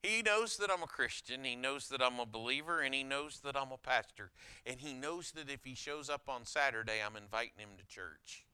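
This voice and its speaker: A man preaching a sermon as a pastor, telling anecdotes in a conversational, animated way. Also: medium pitch, brisk, clear, resonant tone, no echo. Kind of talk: sermon with storytelling.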